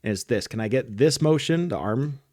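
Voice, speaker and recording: A man's voice: medium pitch, animated, moderate pace, darkish tone, no echo, studio quality. A man co-hosting a soccer podcast, explaining technique while demonstrating it in a casual, instructional way. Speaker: soccer coach and podcast co-host.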